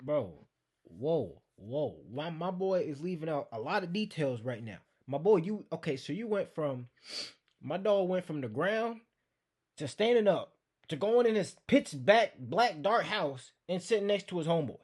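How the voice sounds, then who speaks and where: A man hosting a reaction video who interrupts the clip with incredulous, animated questions about the story. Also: on the high side, a little fast, breathy edge. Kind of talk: reaction commentary.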